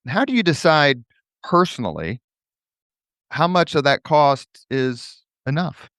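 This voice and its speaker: Smooth-voiced man hosting an interview. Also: on the high side, animated, fairly bright tone, dry recording, studio quality. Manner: measured, conversational questioning. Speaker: podcast host. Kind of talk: interview questions.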